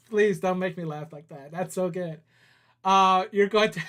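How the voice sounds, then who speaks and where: A man's voice: high voice, lively intonation, normal speed, bright, forceful tone. Chatty man hosting a livestream. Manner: chatty, laughs easily, talks to viewers while working on screen. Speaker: company CEO hosting a livestream. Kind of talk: casual livestream chat.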